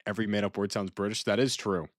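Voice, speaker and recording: A man's voice: on the low side, steady tone, quick pace, no echo, studio quality. A man chatting casually while streaming a game, rambling and playful, often repeating himself as he thinks aloud. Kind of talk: casual gaming stream commentary.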